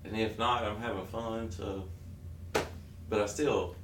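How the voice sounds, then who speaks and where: A man's voice: lowish voice, steady tone, unhurried, roomy sound, distant mic, noisy background. A man in his thirties from South Georgia with a Southern accent, rambling jokily in a casual vlog and interrupting himself often. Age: 30s. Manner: rambling, jokey, self-interrupting. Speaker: keto vlogger.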